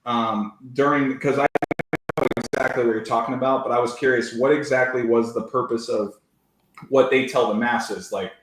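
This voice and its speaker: Man, mid-pitched, eager and emphatic, jumps in often, roomy echo. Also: fairly even intonation, normal speed, heavy background noise. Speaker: roundtable panelist. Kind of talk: casual online roundtable discussion.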